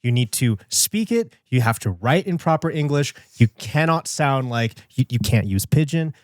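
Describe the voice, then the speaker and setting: A man's voice: mid-range voice, animated, moderate pace, no room sound, clean studio sound. A man from Hawaii chatting on a comedy podcast, making crude jokes and sometimes tripping over his careful wording. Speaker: podcast co-host. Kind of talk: casual comedic chat.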